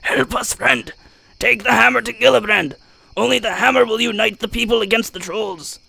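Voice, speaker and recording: A man voicing a dying, delirious old male dwarf warrior with a put-on Scottish accent, shouting desperate pleas. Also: very high voice, normal speed, vocal fry, slightly rough, no room sound, heavily acted, rough recording. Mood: desperate pleading.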